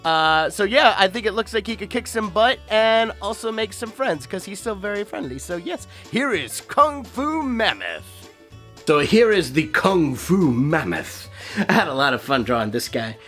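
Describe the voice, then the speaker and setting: A man's voice: high voice, lively intonation, normal speed, fairly bright tone, soft background music. A young man and voice actor hosting a casual chatty video in a playful, giggly way. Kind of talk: casual chat.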